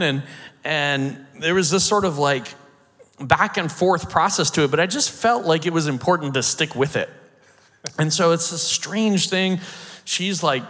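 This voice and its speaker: A man from the United States preaching, telling a story in an animated way, acting out the quotes and laughing now and then. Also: on the high side. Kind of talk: sermon storytelling. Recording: long hall reverb.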